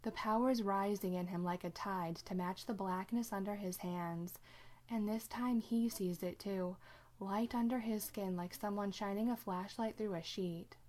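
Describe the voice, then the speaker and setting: A woman reading a story aloud in steady narration. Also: mid-range voice, a little slow. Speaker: reader.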